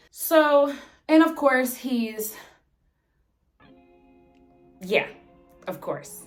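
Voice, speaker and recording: A young woman telling a storytime vlog as an animated, sarcastic, heavily profane rant. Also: high-pitched, very slow, pauses often, faint music behind. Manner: exasperated, sarcastic. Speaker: vlogger.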